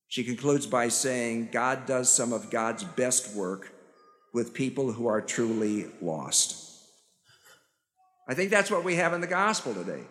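A priest with a Chicago accent preaching a sermon, telling stories with self-deprecating humor. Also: male voice, on the high side, a bit bright. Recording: church hall reverb.

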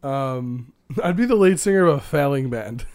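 A man's voice: medium pitch, expressive, moderate pace, darkish tone. A man co-hosting a podcast, chatting casually with lots of giggling and self-mocking jokes. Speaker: podcast co-host. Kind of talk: casual chat.

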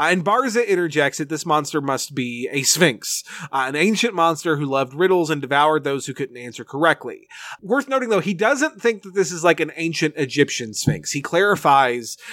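A man's voice: fairly high pitch, fairly bright tone, dry recording. A man recapping a TV episode in casual, sarcastic talk, swearing freely. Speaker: podcast host.

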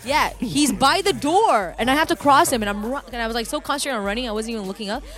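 A woman's voice: fairly high pitch, animated, fast talker, fairly bright tone, faint music behind. A woman from Canada telling a story in casual chat, acting out voices and swearing freely.

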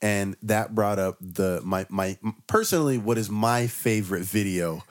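A man's voice: fairly low pitch, moderate pace. A man co-hosting a podcast, summing up a friend's story in casual, profane chat. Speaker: podcast co-host.

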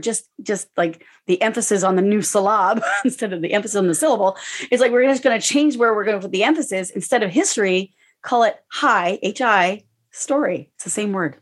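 Woman guest, conversational, animated storyteller who quotes her own thinking. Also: medium pitch. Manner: animated, acts out inner dialogue in quotes. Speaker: guest speaker on stress. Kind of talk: casual podcast conversation.

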